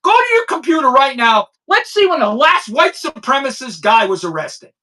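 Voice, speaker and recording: A man's voice: very high-pitched, sing-song, normal speed, pushed and bright. A middle-aged man and former detective hosting a podcast, ranting emphatically and combatively, and checking in with the listener again and again. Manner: emphatic, combative, keeps asking "okay?". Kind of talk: opinionated podcast rant.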